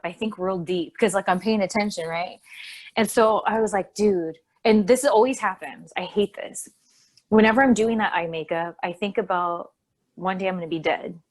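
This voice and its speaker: Woman co-host, casual rambling chat, mid-pitched, laughs easily. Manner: chatty, rambling, laughs often.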